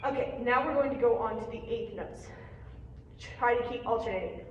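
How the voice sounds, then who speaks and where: This young percussion teacher speaks quickly in a steady, slightly high voice, patiently encouraging her student through each stroke step by step. The audio is dull and noisy, recorded in an echoey room with the mic far away.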